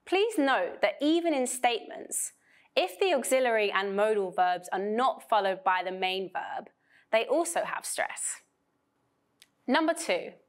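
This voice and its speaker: A woman from Vietnam giving a scripted pronunciation lesson for students, speaking slowly and clearly with careful emphasis. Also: on the high side. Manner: slow, clear, emphatic teaching delivery. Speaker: pronunciation teacher.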